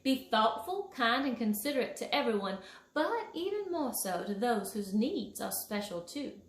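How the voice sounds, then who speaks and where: Woman playing a Southern-drawling manners fairy, sugary and prim, high voice, echoey room. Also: sing-song, normal speed. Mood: sweet scolding. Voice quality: honeyed, gently scolding, calls kids pet names. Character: sweet, prim female fairy who teaches manners.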